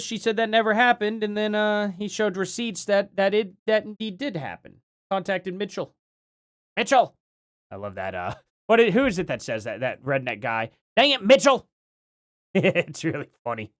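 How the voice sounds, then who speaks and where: Rambling male live streamer. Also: fairly high pitch. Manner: rambling, chuckling, lots of fillers. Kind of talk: casual live stream commentary.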